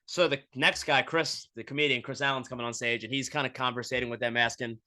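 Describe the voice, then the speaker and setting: A young man hosting a podcast, telling a story in a profane, animated way and quoting voices as he goes. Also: mid-range voice, quick pace, hardly any pauses. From Florida, USA. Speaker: podcast host. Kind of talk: casual storytelling monologue.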